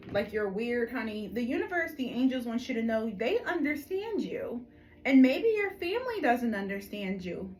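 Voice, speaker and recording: This tarot reader, a woman from Philadelphia by her accent, does a chatty collective reading to camera, warmly calling viewers honey and frequently asking "okay?" in an animated, emphatic way. Her voice is fairly high, and the audio is poor.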